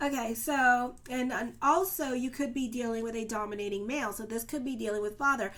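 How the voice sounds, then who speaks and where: Lady astrologer reading tarot cards, kinda high voice, chatty and loose, lots of okays and you knows. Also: steady tone, brisk, few pauses, fairly bright tone. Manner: chatty, loose and colloquial, full of "okay" and "you know"; earnest and reassuring, addressing viewers directly. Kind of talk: casual tarot reading to camera.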